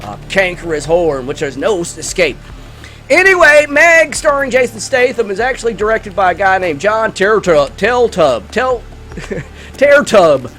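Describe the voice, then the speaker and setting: A man hosting a gaming channel, giving let's play commentary with a movie review, jokey and excitable and talking straight to his viewers. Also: high-pitched, moderate pace, soft background music.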